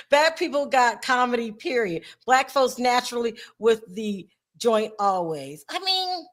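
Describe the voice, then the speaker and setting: A woman hosting a casual livestream chat, talkative and expressive, laughing often. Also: fairly high pitch, takes it slowly. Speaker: host.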